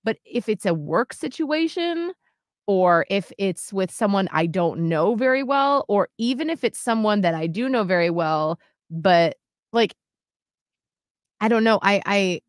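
A young woman co-hosting a radio show, talking candidly and haltingly in casual chat. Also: medium pitch, animated, no room sound, clean studio sound. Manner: candid, halting, self-reflective. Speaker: radio co-host.

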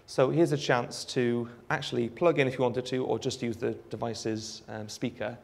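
A Welsh man giving a live demonstration of a phone app, explaining in a relaxed way with frequent ums. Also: mid-range voice, normal speed, creaky. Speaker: app developer giving a presentation. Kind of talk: live product demo talk.

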